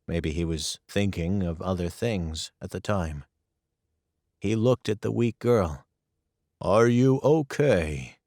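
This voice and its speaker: A man narrating a graded-reader audiobook in a clear, careful storytelling manner. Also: low-pitched, measured pace, a little mellow, no echo, clean studio sound.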